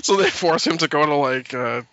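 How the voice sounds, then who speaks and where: A man hosting a casual podcast about comics, animated and quick to laugh. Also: a little high, gravelly, no room sound, muffled recording. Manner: animated, laughs often, does quick voices in anecdotes. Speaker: podcast host.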